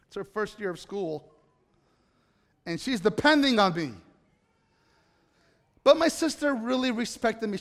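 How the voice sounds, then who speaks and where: A man telling a personal story to a live audience in a chatty way, often turning to ask the listeners questions. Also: very high-pitched. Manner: conversational, asks the audience questions. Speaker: speaker addressing an audience. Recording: reverberant hall.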